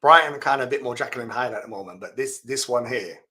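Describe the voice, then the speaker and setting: A man's voice: medium pitch, fast talker. A man hosting a live fantasy football stream, reading out viewer comments and reacting with laughs and exclamations. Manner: chatty, laughs often, reacts loudly to comments.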